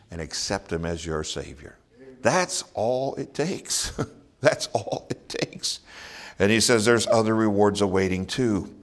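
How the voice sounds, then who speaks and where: A man preaching a sermon, earnest, asking his listeners rhetorical questions and chuckling now and then. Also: lowish voice. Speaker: pastor.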